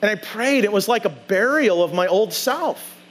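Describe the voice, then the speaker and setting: A man's voice: high-pitched, expressive, normal speed, fairly bright tone, husky. A male pastor preaching a conversational sermon in a church, telling a story and acting out his own side of the dialogue. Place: church sanctuary.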